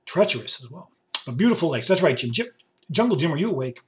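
A man in his sixties, hoarse and raspy from a cough, hosting a rambling, jokey solo podcast from a basement home studio. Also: on the high side, very animated, a little fast. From upstate New York. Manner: rambling, jokey, with many fillers and asides. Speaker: podcast host.

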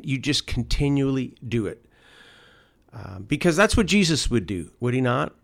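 A man preaching a conversational sermon, often adding "you know" and "okay?" as he talks. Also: medium pitch.

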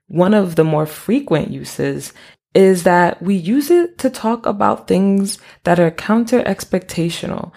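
A young adult woman hosting a podcast, explaining things in a relaxed, conversational way with casual slang and asides. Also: fairly low pitch. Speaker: podcast host.

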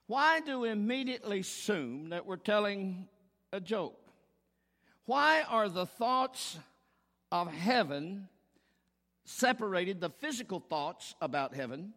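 A man's voice: high voice, fairly bright tone. A man preaching a sermon as pastor, telling a joke and then making emphatic rhetorical points. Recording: long hall reverb.

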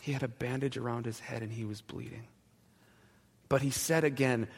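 In a long, reverberant church space, a pastor with a mid-range male voice narrates a sermon story. At the crucial points he slows his delivery and sinks into a hushed tone.

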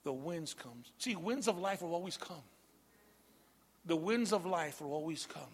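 A man preaching a sermon, calling out to the congregation and building from quiet asides to loud shouts. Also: fairly high pitch, animated, measured pace, husky, long reverb tail.

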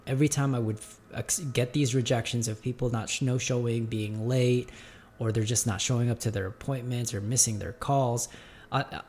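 A man's voice: medium pitch, a little mellow. A man who runs a gym, talking to his viewers in a reflective, casual monologue. He often stumbles and repeats words as he thinks aloud, and calls his listeners "guys". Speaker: gym owner speaking to viewers.

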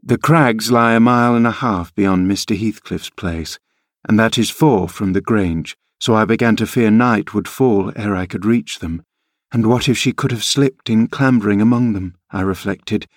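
A man narrating an audiobook in a measured storytelling manner. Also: lowish voice, no echo, clean studio sound. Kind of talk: audiobook reading.

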